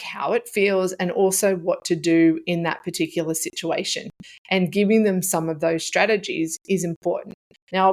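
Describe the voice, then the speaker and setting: A middle-aged woman, hosting a solo podcast in a conversational way, often acting out short example phrases. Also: on the low side. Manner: conversational, with frequent fillers and acted-out example phrases. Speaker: podcast host and author.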